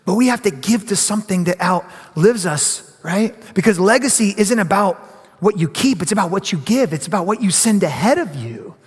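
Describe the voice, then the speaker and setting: Middle-aged male pastor, high voice, animated sermon, long church reverb. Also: normal speed, slightly rough. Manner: animated, acts out voices of others. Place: church sanctuary.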